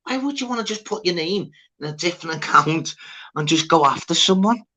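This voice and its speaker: A man's voice: on the high side, animated, brisk, sharp tone. A man hosting a livestream, chatting casually, swearing and laughing, calling everyone "lad" and "mate". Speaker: livestream host. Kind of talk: casual chat.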